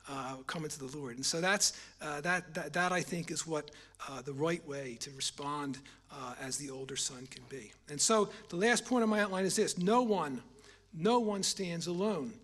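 A middle-aged man preaching a personal testimony sermon, halting and repeating his words, rising in volume on key points. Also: a little high, a bit bright, breathy edge.

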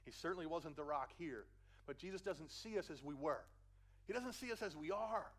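A man with a Philadelphia accent preaching a sermon, acting out the quotes and dropping his voice low for emphasis. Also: animated, moderate pace, a bit bright, breathy edge. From Philadelphia, USA. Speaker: pastor.

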